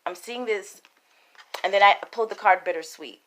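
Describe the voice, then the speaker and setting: A woman giving a casual, chatty tarot reading to camera at home, talking straight to her viewers and getting excited. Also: mid-range voice, moderate pace. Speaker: tarot reader.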